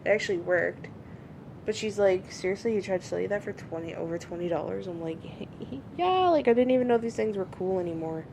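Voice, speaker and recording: A woman in casual podcast chat, retelling calls by playing both voices and swearing without restraint. Her pitch sits in the middle range for a woman. A faint low rumble runs under the recording. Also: a little fast, gravelly. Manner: animated storyteller, swears freely, acts out both sides of calls. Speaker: podcast co-host.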